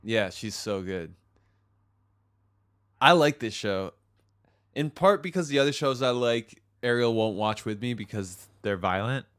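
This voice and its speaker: A man's voice: medium pitch, expressive, a little slow, pauses often, fairly bright tone, clean tone. A man from the United States co-hosting a podcast, bantering loosely with lots of swearing and laughter. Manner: loose, profane, laughing a lot. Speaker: podcast co-host. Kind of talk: casual banter.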